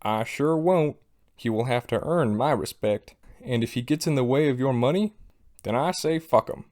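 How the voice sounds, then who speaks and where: A man's voice: medium pitch, normal speed, a little mellow, lightly acted. A greedy young oil man speaks in a thick, put-on Southern drawl, smug and mock serious. A man acts him out in a parody sketch. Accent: American Southern, put on.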